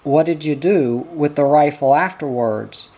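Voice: mid-range voice, mellow, slightly rough. A reader doing a curt police sergeant. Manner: brisk, questioning.

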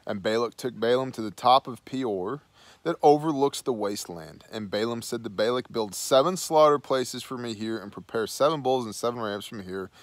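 Man, bible study host, mid-pitched, dry close sound, scripture reading with laid-back asides. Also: moderate pace, dry recording. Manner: reads scripture aloud, then breaks into slangy asides. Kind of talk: scripture reading with casual commentary.

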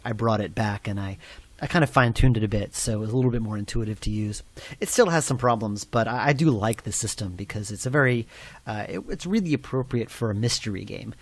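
A man giving a commentary track on a game, explaining in a thoughtful, relaxed way with frequent pauses and fillers. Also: medium pitch, no echo. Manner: thoughtful, many fillers and restarts.

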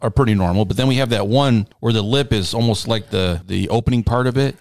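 A man's voice: on the low side, fast talker, dry recording, clean studio sound. A man co-hosting a church podcast, chatting casually and telling joking stories. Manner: joking, animated storyteller. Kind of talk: casual chat.

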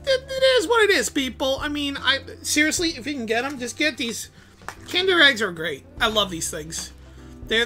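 Very bright rambling unboxing host. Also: mid-range voice. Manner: rambling, self-deprecating, lots of fillers; grumbles at the camera's focus. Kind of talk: casual rambling commentary.

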